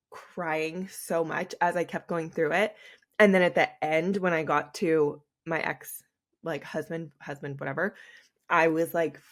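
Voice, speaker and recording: A young adult woman hosting a solo podcast, talking candidly and tearfully with many fillers. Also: deep voice. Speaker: podcast host.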